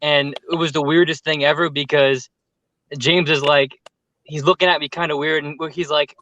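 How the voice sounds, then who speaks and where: A man telling a story with lots of fillers in casual chat on a group call, animated and talkative. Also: fairly high pitch, moderate pace, dull audio, a little hiss or hum. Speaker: paranormal youtuber telling a story.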